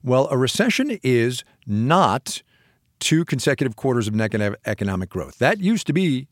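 A man co-hosts a podcast and talks through a question in loose, conversational bursts, breaking into laughter and restarting himself. His pitch swings widely from low to high. The recording is dry and close, with no room sound. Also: moderate pace, no room sound. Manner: lively, laughing, self-interrupting explainer. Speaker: podcast co-host. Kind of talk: casual explanatory chat.

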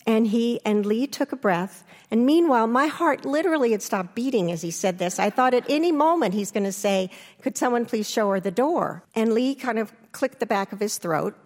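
An older woman, an interview guest, telling her story candidly and acting out remembered lines with lively restarts. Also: brisk, few pauses, long reverb tail. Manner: animated, restarts, acts out quotes with rising pitch.

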